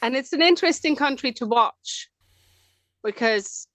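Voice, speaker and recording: A woman on a casual panel chat over a video call, speaking in a thoughtful, measured way. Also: high-pitched, animated, fairly bright tone, dry recording.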